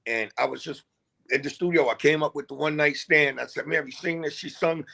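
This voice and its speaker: A man's voice: fairly high pitch, moderate pace, gravelly, pushed and bright. A man who is a guest rapper, telling his story in an interview in a reflective, laid-back way. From New York.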